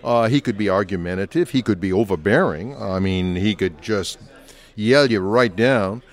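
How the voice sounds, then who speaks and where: An older man, a biographer, answering interview questions in an anecdotal, relaxed way and now and then mimicking quoted voices. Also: fairly low pitch, moderate pace. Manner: anecdotal, slips into quoted voices while telling stories.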